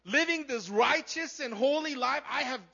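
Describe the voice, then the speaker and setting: A man's voice: extremely high pitch, moderate pace, gravelly, pushed and bright, slightly rough, dull audio, pitched above the performer's own voice, full character voice. A man putting on a huffy self-righteous Pharisee. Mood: indignant boasting. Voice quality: whiny, boastful, keeps saying "man". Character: indignant self-righteous male Pharisee, haughty.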